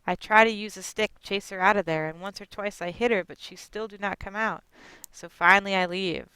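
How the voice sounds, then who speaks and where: A woman's voice: medium pitch, fairly even intonation, brisk, sharp tone, clear, resonant tone, no echo, lightly acted, low-quality recording. A woman playing a blunt grandmother. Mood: fretful, blunt. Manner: blunt, in broken English. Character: stubborn 68-year-old Chinese immigrant grandmother. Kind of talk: dramatic monologue.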